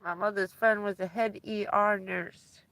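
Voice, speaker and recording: A woman's voice: mid-range voice, steady tone, unhurried, a bit bright, dry recording. A woman livestreaming from inside her van, chatting casually with viewers and laughing often as she tells stories.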